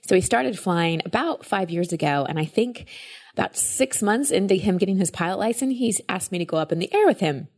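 A woman's voice: mid-range voice, lively intonation, a little fast, darkish tone. A woman hosting a podcast, chatting enthusiastically as she tells a personal story and introduces her guest. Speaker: podcast host.

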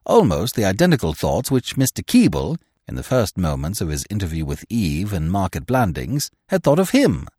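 A man narrating a comic classic novel as an audiobook, telling it with expressive storytelling. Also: mid-range voice, slightly rough, no echo, clean studio sound. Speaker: narrator and podcast host.

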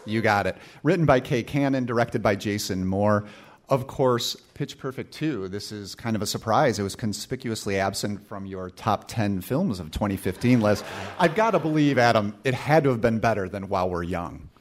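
A man's voice: lowish voice, expressive, normal speed, slight background noise. A man co-hosting a film podcast live on stage, reading out listener emails in a dry, wry way. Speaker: podcast co-host. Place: live stage before an audience.

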